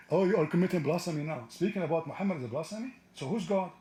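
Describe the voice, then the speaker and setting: Mocking, combative high-voiced man. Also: mellow, echoey room. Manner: mocking and combative, taunts and laughs at caller. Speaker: debate livestream host. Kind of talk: heated live call-in debate.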